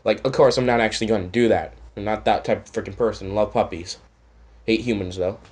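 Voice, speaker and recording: A man's voice: fairly low pitch, brisk, a little mellow. A man from Canada telling a story in a casual, rambling rant, swearing often and sarcastic. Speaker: channel host.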